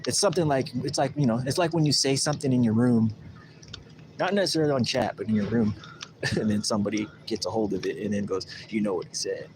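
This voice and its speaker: A man's voice: lowish voice, fast, noisy background. A man hosting a casual livestream, rambling through a story and acting out the voices of the people in it. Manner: rambling, animated, acts out quoted voices. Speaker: livestream host. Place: outdoors at a lake.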